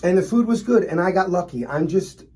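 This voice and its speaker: Philly guy, middle-aged, lively storyteller, slightly high voice. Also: brisk. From Philadelphia. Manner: animated, acts out customers in his stories. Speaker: restaurant owner, guest. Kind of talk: storytelling in a casual interview.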